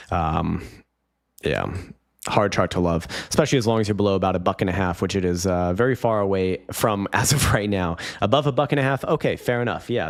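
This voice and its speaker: Young man, low-pitched, swears freely, laughs a lot. Casual live-stream market chatter. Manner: profane, blunt, laughs often. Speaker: crypto trading streamer.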